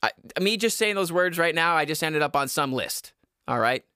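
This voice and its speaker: A young man hosting a comedy podcast, yelling and rambling through an unscripted monologue into a microphone in a basement. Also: fairly high pitch, animated, moderate pace, clear, resonant tone. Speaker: podcast host. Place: home basement. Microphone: studio microphone.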